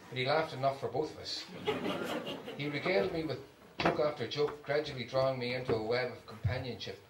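A man's voice: medium pitch, noisy background. A man giving a lecture, reading his own memoir aloud with an amused storyteller's manner, in an echoey hall heard from far off. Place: lecture room.

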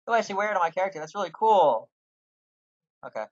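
A man casually plays through a role-playing game, reading quest dialogue aloud in put-on voices. His high voice is animated and racing, and the audio is dull.

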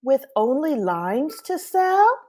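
A woman reading a picture book aloud, voicing a kind grandmother who gently encourages a child. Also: high-pitched, big pitch swings, slow pace, voice pushed up, full character voice. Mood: gentle. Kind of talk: storybook read-aloud.

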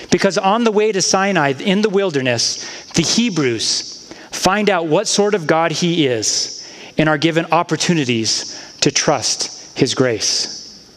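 A man preaching a sermon as a pastor, in a conversational style with casual asides. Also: on the high side. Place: church sanctuary. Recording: long church-hall reverb.

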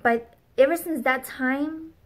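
A woman's voice: sits high, takes it slowly. A young adult woman vlogger telling a personal faith testimony in an earnest, rambling way with many fillers.

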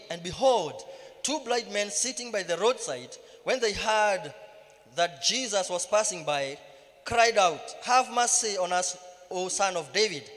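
In a reverberant church hall, a man with a Kenyan accent leads a sermon-style Bible study, mixing English and Swahili and rising to emphatic cries. His voice sits high and sounds a bit bright.

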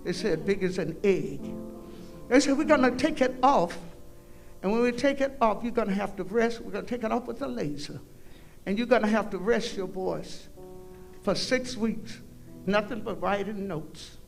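On a concert hall stage, an older woman guest singer delivers a folksy, preachy testimony to the audience, calling out "y'all" and breaking into lines of hymns. Her mid-range voice is animated, creaky and a little mellow, at a normal speed, with faint music behind her.

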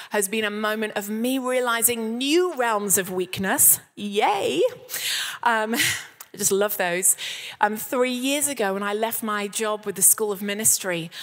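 A woman in her thirties preaching at a church service, telling candid, humorous stories and acting out what people said. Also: medium pitch. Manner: candid, humorous storytelling with acted-out quotes. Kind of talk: sermon. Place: church hall. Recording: long reverb of a church hall.

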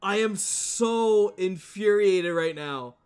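Swearing, slow-talking male game streamer. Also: high voice, darkish tone, clean tone. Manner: profane, exclaiming, repeats himself. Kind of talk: live-streamed game playthrough reaction.

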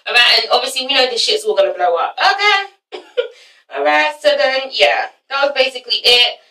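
Foul-mouthed woman vlogger, bright, echoey room. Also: fairly high pitch, brisk, gravelly. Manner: swearing, animated, acts out scenes. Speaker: vlog host reviewing a reality show. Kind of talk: casual review chat. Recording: roomy, mic at a distance.

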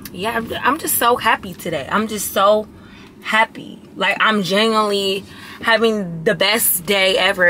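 A young woman with a raspy voice, chatting excitedly in a casual vlog. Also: medium pitch, very noisy. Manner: chatty, excited, lots of fillers. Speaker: vlogger.

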